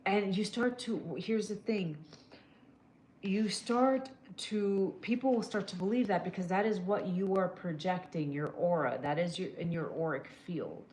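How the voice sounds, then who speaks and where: Lower-voiced woman host in an echoey room. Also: a little slow, darkish tone, a little hiss or hum. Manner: direct, calls viewers "girl" and "my love"; answers viewer comments live. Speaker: livestream host doing emotional scans. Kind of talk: casual live-stream advice chat.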